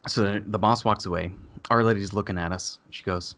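A man casually telling a long story on a podcast, animated and swearing, acting out the people he quotes. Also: fairly low pitch, brisk, dry recording.

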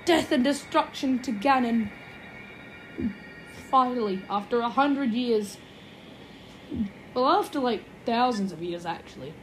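A young woman hosting a gaming podcast, giving gushing commentary and repeating her excited exclamations. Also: fairly high pitch, measured pace, long pauses, slight background noise. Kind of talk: game commentary.

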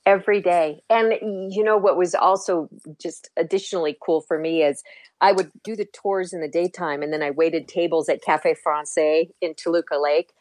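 A woman's voice: fairly low pitch, steady tone, moderate pace, darkish tone, no room sound. A woman who once worked as a studio tour guide, reminiscing in a casual, affirming way. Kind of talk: casual chat.

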